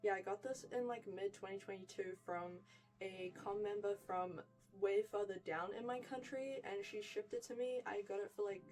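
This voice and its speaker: A woman's voice: mid-range voice, moderate pace, a little mellow, recorded from a distance, soft background music, poor audio. A young woman with a New Zealand accent giving a chatty, gushing wardrobe tour, full of "like" and "freaking". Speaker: fashion vlogger.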